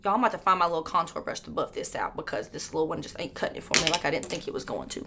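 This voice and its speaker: A woman's voice: deep voice, lively intonation, rapid-fire, gravelly, crowd noise. A young woman chatting candidly while doing her makeup, swearing freely and filling her talk with "like" and "you know.". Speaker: beauty vlogger. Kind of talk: casual get-ready-with-me chat while doing makeup.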